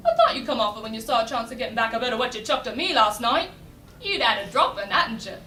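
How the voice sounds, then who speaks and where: A woman reciting as a brash cockney flower girl, loud and defiant, recorded from a distance in an echoey room. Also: fairly high pitch, expressive, quick pace. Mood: indignant. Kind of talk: recitation in a speech competition.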